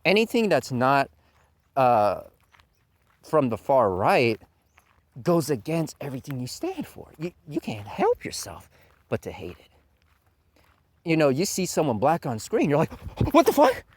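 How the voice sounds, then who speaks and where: A man's voice: mid-range voice, wildly swooping pitch, a little slow, long pauses. A man hosting a commentary channel, delivering a heated, profane rant and mocking his critics in put-on voices. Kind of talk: ranting commentary monologue.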